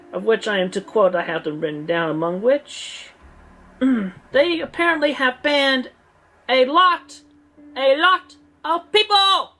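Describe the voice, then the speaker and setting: A woman's voice: high voice, fairly bright tone, heavily acted. A woman in an archived clip ranting in a put-on, theatrical British-sounding accent, pompous and indignant. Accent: imitated British. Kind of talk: archived online video rant.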